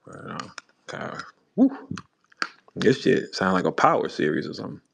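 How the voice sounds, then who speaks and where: A man hosting a casual chat, laid-back and halting, full of fillers. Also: low-pitched, huge pitch swings, vocal fry, a bit bright, breathy edge. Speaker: host.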